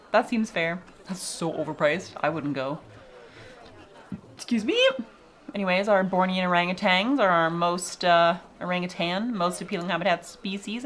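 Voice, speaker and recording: Chatty young woman with a low voice. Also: fairly bright tone. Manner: chatty, swears casually, laughs often. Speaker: vlogger showing a zoo game. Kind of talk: casual gameplay chat.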